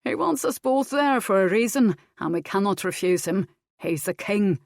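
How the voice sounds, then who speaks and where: A woman's voice: mid-range voice, animated, normal speed, gravelly, no echo, clean studio sound. A woman reading the part of a grown Scottish nobleman, grim and firm in his speech.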